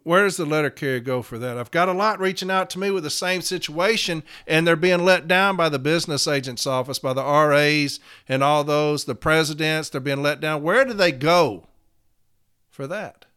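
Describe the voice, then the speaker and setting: A man's voice: fairly high pitch, moderate pace, clear, resonant tone. Profane man telling a blunt story. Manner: profane, blunt and animated, acts out both sides of a confrontation. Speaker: union representative. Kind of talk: storytelling monologue.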